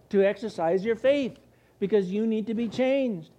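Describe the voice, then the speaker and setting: A middle-aged American pastor preaching with a raised, high-pitched voice. He fires off questions and answers them himself, and he slips into anxious little voices to make his points. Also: moderate pace. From United States. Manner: animated, asks and answers his own questions, acts out worried voices. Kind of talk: sermon.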